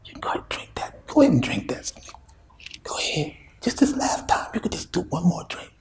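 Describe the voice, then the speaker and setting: A man voicing a sly male devil who coaxes people toward sin in a hushed whisper, in whispered role-play. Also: very animated, measured pace, reverberant, a little hiss or hum, exaggerated voice. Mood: coaxing. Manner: hushed coaxing whisper, rising to a high wheedle.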